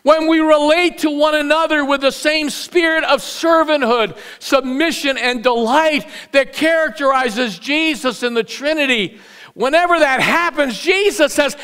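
A middle-aged male pastor preaching a sermon, swinging from loud raised bursts to quiet low asides and repeating words as he builds a point. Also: unhurried. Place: church sanctuary.

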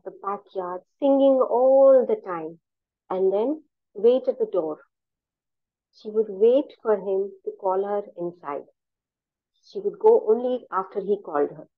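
A woman telling a story aloud in a measured, expressive way with dramatic pauses, over a video call. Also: mid-range voice, dry recording, narrow, tinny audio. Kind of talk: oral storytelling narration.

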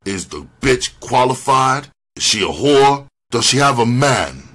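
Man playing a cocky young hustler, brusque, commanding, raised pitch. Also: big pitch swings, unhurried, fairly bright tone. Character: cocky young male hustler, cool and demanding.

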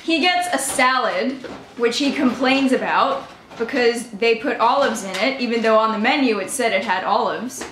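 A woman's voice: on the high side, normal speed, a bit bright. A young woman telling a story on her vlog, swearing freely, laughing often and mocking the people she quotes. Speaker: vlogger. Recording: echoey room with faint noise.

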